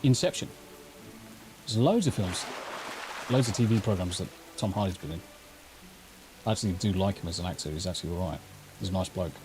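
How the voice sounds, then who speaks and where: Over a noisy background, this middle-aged Englishman speaks in a deep, expressive voice at a fairly quick pace, broken by long pauses. He's live-streaming a game on a studio mic fed through a mixing console, keeping up a rambling, profane, self-mocking chatter in his English accent.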